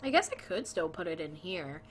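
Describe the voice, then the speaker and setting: A woman's voice: fairly low pitch, expressive, moderate pace, a little hiss or hum. A woman streaming a video game and chatting playfully with her viewers, greeting them and joking along as she plays. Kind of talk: casual live-stream chat while gaming.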